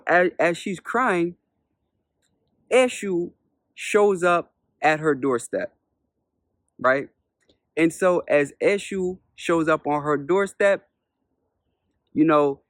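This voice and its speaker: A male spiritual teacher telling a parable as a lesson at a slow, deliberate pace. His voice sits slightly high, and he repeats his points and asks rhetorical questions. The recording is dry and close. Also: a bit bright, no echo. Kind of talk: storytelling lesson.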